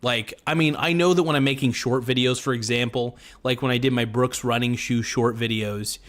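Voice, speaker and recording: A man's voice: mid-range voice, steady tone, moderate pace, fairly bright tone. A man hosting a livestream, chatting casually and jokingly with viewers and answering their chat messages. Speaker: livestream host.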